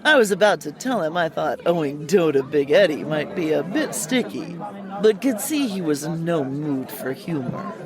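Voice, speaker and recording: A woman narrating a hardboiled comic mystery story in a wry, deadpan, theatrical way. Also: low-pitched, normal speed, a crowd in the background.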